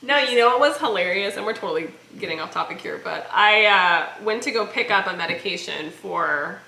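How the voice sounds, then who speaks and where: Lively bright-voiced American woman, echoey room. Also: mid-range voice, a little fast, vocal fry. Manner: animated storytelling with laughing and quoted voices. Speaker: podcast co-host. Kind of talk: casual chat.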